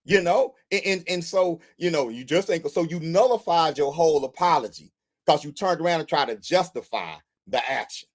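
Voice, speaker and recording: A man's voice: fairly high pitch, brisk. Blunt man giving casual commentary. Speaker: co-host. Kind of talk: casual podcast talk.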